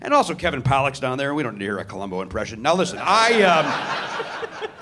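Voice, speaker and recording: A man's voice: mid-range voice, sing-song, a little fast, background noise. A man hosting a live comedy podcast on a theater stage, riffing sarcastically and mocking himself. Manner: sarcastic, self-deprecating riffing with crowd. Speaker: podcast host.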